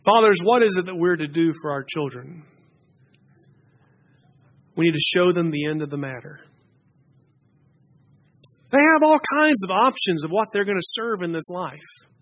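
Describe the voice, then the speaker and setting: A man preaching with a high, bright voice. He leans hard into key phrases and lifts them, building his points with emphatic force. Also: animated, moderate pace, pauses often. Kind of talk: sermon.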